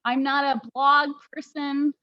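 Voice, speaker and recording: High-voiced chatty woman hosting a livestream. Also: level tone, no echo. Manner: laughing, chatty, quick asides. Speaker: livestream host. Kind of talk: casual livestream chat. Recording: dull, dry lo-fi sound.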